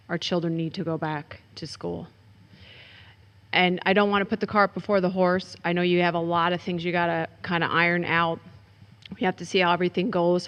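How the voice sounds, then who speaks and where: A woman in her forties, a parent of a tenth grader, politely and earnestly questioning a school board. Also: lowish voice. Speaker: parent giving public comment. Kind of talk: public comment at a board meeting. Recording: dull audio with long hall reverb.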